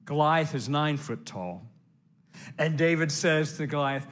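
A man preaching a sermon, telling lively stories and urging listeners on, with loud exclamations and hushed asides. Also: a little high, a little slow. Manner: exhorting listeners directly.

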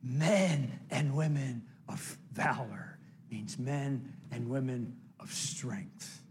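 Male preacher, mid-pitched voice, lively storytelling, swings between loud exclamations and quiet asides. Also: extremely slow, a little hiss or hum. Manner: exhorting listeners directly. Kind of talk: sermon.

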